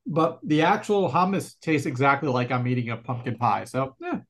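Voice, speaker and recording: A man's voice: mid-range voice, lively intonation, moderate pace, fairly bright tone. Teasing male podcast co-host. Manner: teasing, laughing. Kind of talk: casual podcast chat.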